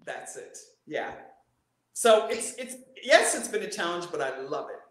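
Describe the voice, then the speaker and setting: An animated woman voice coach who talks as a guest on a live-streamed interview, playful and showing points with her own voice. Her pitch leaps high and drops low all the time. The room around her rings with echo. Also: measured pace.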